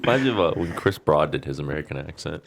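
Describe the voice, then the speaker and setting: A man's voice: rumbling low, lively intonation, fast talker, vocal fry, background noise. A young man co-hosting a podcast in casual chat, laid-back and giving short reactions. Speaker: podcast co-host.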